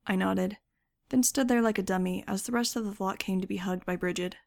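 A woman narrating a first-person audiobook in a wry, measured way. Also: medium pitch, fairly even intonation, creaky, darkish tone.

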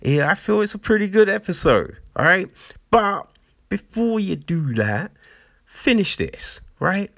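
A man hosts his own show in a loose, rambling monologue, swearing and breaking into laughter. His pitch swings widely while he takes his time with the words. The sound is dry and close. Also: very animated, unhurried, creaky, fairly bright tone, no room sound. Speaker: show host. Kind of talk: casual monologue.

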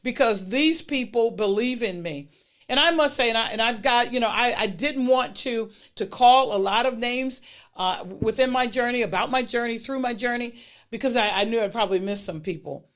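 A middle-aged woman telling personal stories about her career mentors in a lively, emphatic way. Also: on the high side, fairly quick. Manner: emphatic, lively retelling with acted-out dialogue. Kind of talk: personal storytelling talk.

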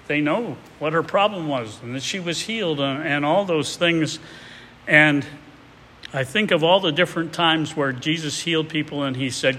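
A man's voice: a little high, moderate pace, bright, forceful tone. A man preaching a sermon in a conversational, reflective way, with hesitant restarts, sometimes reading a passage aloud. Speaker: pastor. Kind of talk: expository sermon with a read-aloud excerpt. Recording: distant voice with hall reverb and faint noise.

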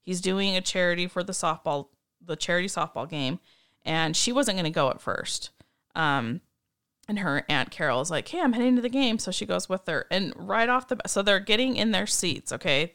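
Smooth-voiced gushing woman co-host. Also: lowish voice, moderate pace, no room sound, studio quality. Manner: gushing, giddy, excitable. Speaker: podcast co-host. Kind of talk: casual chat about a movie.

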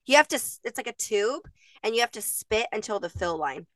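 A woman's voice: on the high side, animated, brisk, no echo, recorded from a distance. A young adult woman co-hosting a podcast in casual chat, laughing often and swearing offhandedly. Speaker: podcast co-host.

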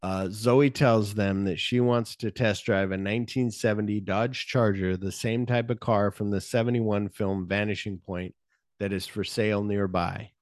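A man's voice: lowish voice, steady tone, normal speed, dry recording. Casual male podcast host, dry sound. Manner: recaps a film plot, jumping into quoted lines of dialogue; swears freely and loosely. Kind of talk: casual chat.

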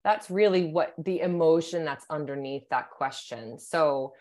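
A middle-aged woman speaks as a psychologist guest on a podcast, her voice sitting on the lower side. She explains at length in a measured, thoughtful way, often checking in with her listener. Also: a little mellow. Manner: thoughtful, explanatory, many "you know" and "right?". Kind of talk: podcast interview.

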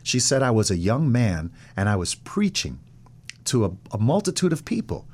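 A man's voice: mid-range voice, sing-song, moderate pace, breathy edge. A middle-aged man, a pastor, telling his faith story in an interview and acting out the voices of people in it. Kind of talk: testimony in an interview.

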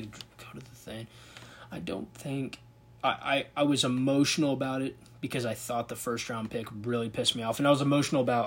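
A man with a husky, somewhat breathy voice and a mid-range pitch hosts a casual sports commentary video. He thinks aloud and reacts with open disbelief as he goes. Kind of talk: casual commentary on a football draft.

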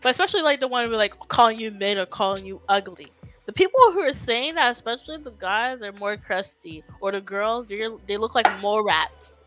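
A woman's voice: mid-range voice, a little fast, fairly bright tone, faint music behind, poor audio. A woman co-hosting a casual podcast, blunt and given to laughing. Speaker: podcast co-host.

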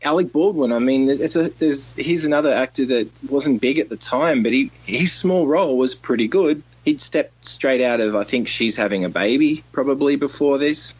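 A man from Australia chatting casually on a podcast about a film he remembers, recalling details slowly with fillers. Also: mid-range voice, husky. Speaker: podcast co-host. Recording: dull lo-fi sound.

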